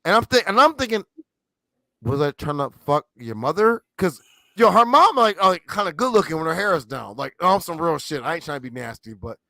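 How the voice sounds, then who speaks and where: A man telling profane stories in casual chat, animated and loud when he acts out quotes. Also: high-pitched, quick pace, vocal fry, no room sound, rough recording. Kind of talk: casual crude storytelling.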